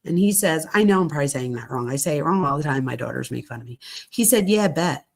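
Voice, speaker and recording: A woman's voice: sits low, animated, fast talker, creaky. A middle-aged woman hosting a true crime show, reading text messages aloud in a conversational way with casual asides. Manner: conversational, reads quoted messages plainly with asides.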